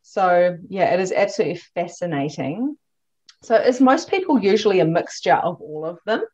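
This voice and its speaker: A woman hosting a podcast, chatting casually and telling animated stories with frequent laughter. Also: fairly low pitch, normal speed, dull audio. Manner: animated storyteller, laughs often. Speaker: podcast host. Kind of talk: casual chat.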